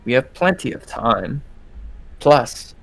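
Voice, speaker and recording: A man voicing a blunt female dwarf warrior, talking curtly while she spars, a little higher than his own voice. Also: very animated, takes it slowly, vocal fry, fairly bright tone, a little hiss or hum, heavily acted, rough recording. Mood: confident. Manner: curt, crude.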